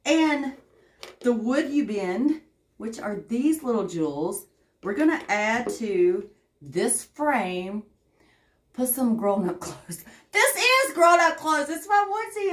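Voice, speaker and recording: A woman with a Southern accent chatting casually on a craft livestream, greeting viewers by name as she works. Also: on the high side. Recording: echoey room.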